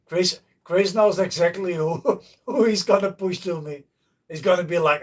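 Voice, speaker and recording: A man's voice: on the high side, moderate pace, distant mic. A man chatting to viewers on a casual livestream, blunt and joking, swearing freely. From Netherlands. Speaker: livestreaming host. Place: outdoors by a canal.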